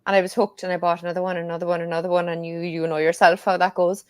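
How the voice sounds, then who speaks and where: A woman's voice: on the low side, little pitch movement, rapid-fire, clear, resonant tone, no room sound. A woman with a Cork Irish accent, chatting as a guest and telling stories with plenty of laughs. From Ireland. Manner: chatty storyteller, laughs often. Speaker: guest tarot reader. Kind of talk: casual chat.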